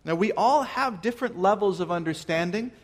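Guy pastor with a pretty high voice, preaching earnest and measured, asks the church lots of questions. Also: lively intonation. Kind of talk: sermon.

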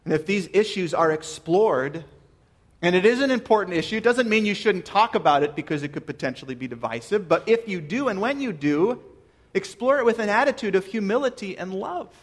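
A pastor preaching a sermon to his church, earnest and measured, asking his listeners questions. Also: high-pitched, lively intonation.

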